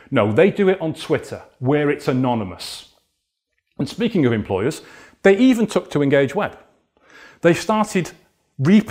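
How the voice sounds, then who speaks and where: Man, podcast host, exasperated, indignant, swearing, lively pitch. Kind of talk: solo podcast rant.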